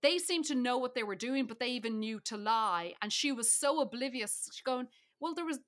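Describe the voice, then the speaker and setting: A woman co-hosting a podcast, talking through a film in a quick, lively way. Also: fairly high pitch. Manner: lively, quick, laughs often. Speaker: podcast co-host. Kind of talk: casual film review chat.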